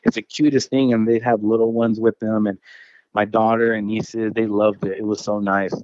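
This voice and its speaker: A man's voice: on the low side, little pitch movement, moderate pace, darkish tone, dry recording, dull audio. A man casually telling a personal encounter story as a guest. He rambles, restarts his phrases and keeps saying dude and bro.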